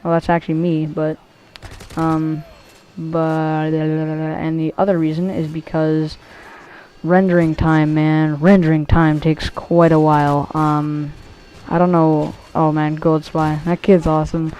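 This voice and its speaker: A woman with a low, mellow voice talks loosely over her gameplay footage. She rambles in a casual commentary style, swearing freely and filling gaps with ums, likes and restarts. The low pitch and soft, dark tone stay steady throughout. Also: slow, clean tone. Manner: rambling, profane, many fillers and restarts.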